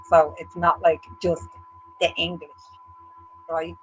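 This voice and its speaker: A woman's voice: lowish voice, level tone, slow pace, dull audio, a little hiss or hum. An Irish woman co-hosting a casual livestream chat, ranting bluntly with heavy swearing. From Ireland. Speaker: co-host.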